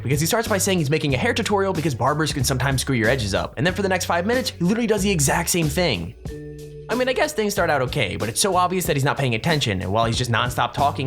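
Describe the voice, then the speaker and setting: A man's voice: a little high, fairly bright tone. A man narrating a countdown video in a chatty, wry scripted voice-over. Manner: chatty, wry, fast-paced.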